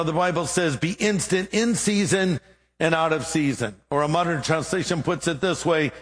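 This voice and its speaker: A man's voice: on the high side, in a large hall. A middle-aged man, a pastor, preaching a sermon and telling a humorous story with acted-out dialogue.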